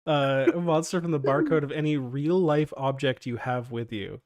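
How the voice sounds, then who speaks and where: A man narrating as game master in a casual tabletop session, laughing often and filling pauses with um and uh. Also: mid-range voice, darkish tone, dry recording. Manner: casual, laughing, lots of fillers and restarts.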